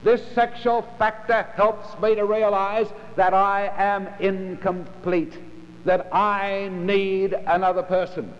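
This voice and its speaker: A man preaching a sermon in a measured, emphatic way, with dramatic pauses between phrases. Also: high voice, little pitch movement. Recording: lo-fi recording in a large reverberant hall.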